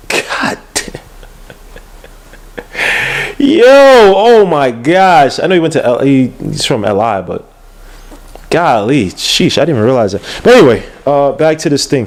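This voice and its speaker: Animated casual New man. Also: medium pitch. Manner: loose and animated, swears, looks things up on air. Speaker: podcast host. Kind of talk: casual sports podcast chat.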